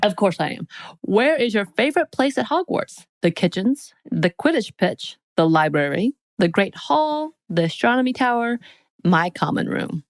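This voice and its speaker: A woman's voice: mid-range voice, big pitch swings, normal speed, no echo, clean studio sound. A woman co-hosting a podcast, reading quiz questions aloud in a playful, casual chat. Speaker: podcast co-host.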